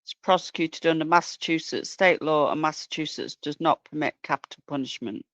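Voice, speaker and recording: A co-host in casual chat, explaining calmly and sometimes searching for words. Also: mid-range voice, brisk, dry recording. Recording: dull, dry sound.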